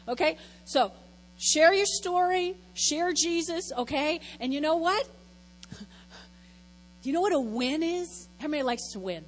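A woman's voice: sits high, expressive, normal speed, big-room sound, rough recording. A woman, a lay speaker, giving a chatty, rambling, self-deprecating testimony talk at church.

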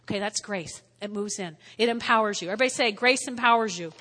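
A woman preaching a sermon, repeating key words, asking the congregation to respond, and swinging between quiet asides and loud emphasis. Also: mid-range voice, fast talker. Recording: hall reverb.

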